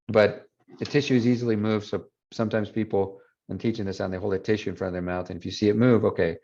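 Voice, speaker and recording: A man's voice: on the low side, a little mellow. A man teaching a Spanish class online, explaining patiently and mixing English with Spanish. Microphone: video call. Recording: dull lo-fi video call audio.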